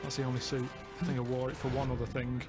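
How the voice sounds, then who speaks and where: A man telling everyday anecdotes in a deadpan, matter-of-fact way as a comedy podcast co-host. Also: mid-range voice, quick pace, over loud music. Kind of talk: casual comedy chat.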